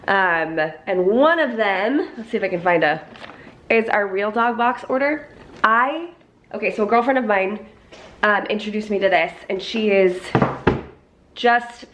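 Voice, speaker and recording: A woman's voice: medium pitch, expressive, moderate pace. A woman in a casual vlog chat, rambling and laughing often, talking about shopping and dog treats. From Texas. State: pregnant. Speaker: vlogger. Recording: noisy home video.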